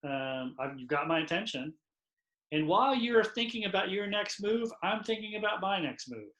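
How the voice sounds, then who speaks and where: A man's voice: sits high, expressive, moderate pace, a bit bright. Man explaining refereeing in an echoey room. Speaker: lacrosse official trainer. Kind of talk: instructional talk. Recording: roomy echoey recording.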